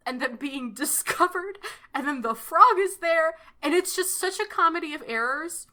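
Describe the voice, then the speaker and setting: Female co-host, high-pitched, bright, animated and gushing, casual profanity. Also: moderate pace. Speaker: podcast co-host. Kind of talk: casual chat.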